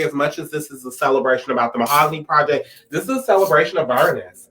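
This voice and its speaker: A man's voice: medium pitch, a bit bright, poor audio. A man co-hosting a community anniversary celebration, paying an emphatic, playful tribute to its leader. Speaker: event co-host.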